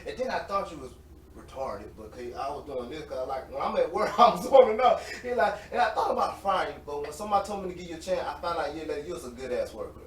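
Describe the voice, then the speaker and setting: A man in his late twenties, an interview guest, telling animated, slangy stories and laughing often. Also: on the high side, quick pace. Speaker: interview guest, semi-pro football player. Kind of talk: casual storytelling. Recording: roomy, distant mic with faint noise.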